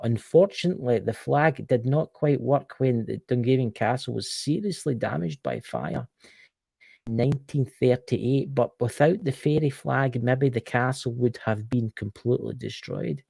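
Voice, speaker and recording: A Scottish man with a gravelly voice chats casually on a live stream, reading history aloud. He trips over words and jokes with mock outrage. The sound is dry and close. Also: medium pitch, normal speed, mellow, dry recording. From Scotland. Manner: stumbling, jokey, exclaims in mock outrage.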